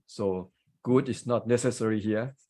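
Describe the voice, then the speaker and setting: A man's voice: fairly low pitch, normal speed, warm tone, low-quality recording. A man with a Thai accent giving grammar and pronunciation feedback as a club grammarian on a video call, explaining carefully with examples.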